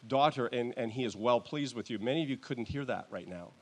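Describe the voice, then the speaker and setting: Man, pastor, sermon, church, conversational, halting delivery, mid-range voice. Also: medium pitch, animated, breathy edge. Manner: conversational, halting, with restarts and chuckles.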